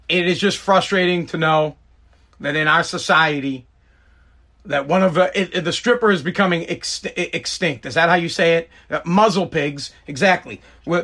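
A man's voice: a little high, normal speed, a bit bright. A man in his forties, a podcast host, ranting crudely and jokingly in a rambling way, with stammered restarts. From United States. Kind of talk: casual comedic rant.

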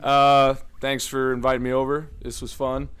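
A man guest on a podcast, relaxed and friendly, swearing now and then. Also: medium pitch, moderate pace, clean tone. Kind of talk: casual chat.

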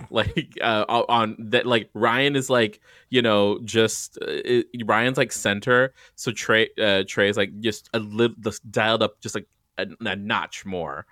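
A man's voice: fairly low pitch, measured pace, fairly bright tone, no room sound, clean studio sound. A man co-hosting a podcast, chatting casually, rambling with lots of "like" and giggles. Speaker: podcast co-host. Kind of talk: casual chat.

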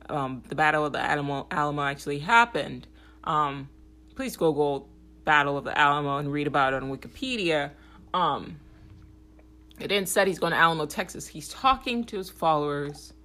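A woman hosting a podcast, giving a blunt, profane political monologue and often checking in with "okay?". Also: sharp tone. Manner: grows heated and higher when agitated. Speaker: podcast host.

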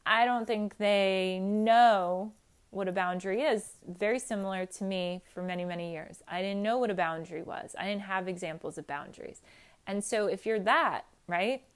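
A woman's voice: medium pitch, clean tone. A woman giving a candid personal monologue, blunt and emphatic, swearing casually and acting out quotes as she tells stories. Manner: animated storytelling with acted-out quotes.

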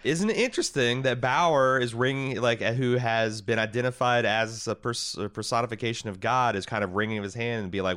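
A man's voice: mid-range voice, a little fast, hardly any pauses, a bit bright. A man hosting a casual TV recap, rambling and paraphrasing characters with many fillers.

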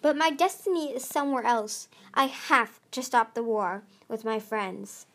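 A woman's voice: on the high side, a little slow, fairly bright tone. A woman reading the part of a headstrong young female sea dragon, speaking bluntly. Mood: earnest.

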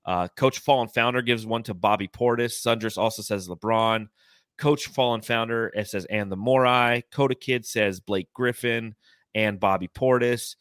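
Bright, blunt podcast host man. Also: medium pitch, normal speed, smooth, no room sound, clean studio sound. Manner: joking, profane and blunt; reads viewer comments from a live chat. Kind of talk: casual sports podcast chat.

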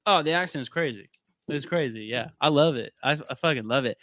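A man's voice: medium pitch, a little fast, fairly bright tone, no echo. A young man from Canada, a podcast guest, telling stories in a loose, rambling casual chat with plenty of swearing.

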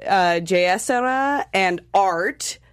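A woman co-hosting a podcast, chatting casually about a show, animated and quick to laugh. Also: medium pitch, clean tone, no room sound, clean studio sound. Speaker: podcast co-host. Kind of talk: casual chat recapping a show.

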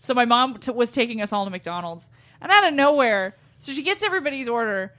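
A woman co-hosting a podcast, chatting casually and spinning giggly stories. Her voice sits a little high and has a bright, forceful ring. She is from Southern California. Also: fast talker. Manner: giggly, animated storyteller. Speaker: podcast co-host. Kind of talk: casual chat and storytelling.

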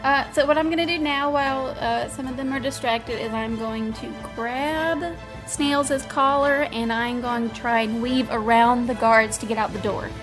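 Bright high-voiced female player, chatty and rambling, music underneath. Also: fairly even intonation, normal speed. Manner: rambling, hesitant. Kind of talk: casual chat.

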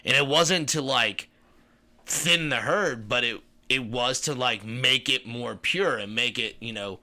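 Podcast co-host, male, very bright tone, rambling and profane. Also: medium pitch, unhurried. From German heritage. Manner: rambling, profane, laughs at own jokes. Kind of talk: casual chat.

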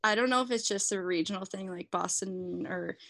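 A woman's voice: mid-range voice, fairly quick, gravelly, fairly bright tone, no echo. Canadian girl in her 20s, chatty, giggly, lots of likes, dry close sound. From Alberta, Canada. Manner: chatty, laughs often, many likes. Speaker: guest, former college hockey player. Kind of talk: casual interview chat.

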